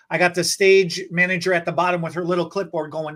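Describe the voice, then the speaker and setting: A man's voice: high-pitched, quick pace, hardly any pauses. A man co-hosting a beauty podcast, caught mid-story in casual chat. He acts out the voices of the people in his story and laughs easily as he goes. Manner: animated, laughing storyteller who acts out quotes. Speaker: podcast co-host, hair stylist.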